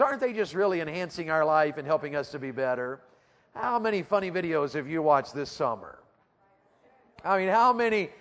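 A man preaching a sermon, questioning the congregation and reading scripture slowly and deliberately. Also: sits high. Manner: call-and-response, asking the crowd questions. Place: church auditorium. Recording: reverberant hall.

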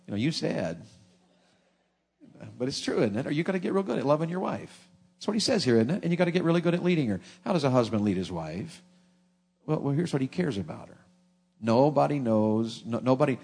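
A middle-aged man, preaching a sermon with folksy, animated humor. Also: medium pitch.

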